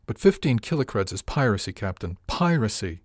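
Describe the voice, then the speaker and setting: A man's voice: lowish voice, sing-song, brisk, dry recording, studio quality. A man voicing a pompous, indignant male passenger in a fine suit, haughty and complaining, in an audiobook reading.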